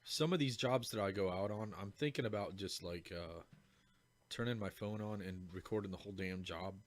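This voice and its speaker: A man's voice: on the low side, moderate pace. A man chatting casually on a podcast, blunt and profane, joking about his lawn care work. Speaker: lawn care worker, show regular. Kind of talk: casual chat.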